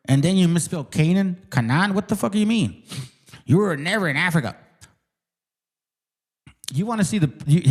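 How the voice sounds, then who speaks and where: This man's voice is on the high side with vocal fry and a slightly mellow quality. As host of his own channel, he launches a heated casual rant at viewers, profane, mocking and combative, with repeated words for emphasis.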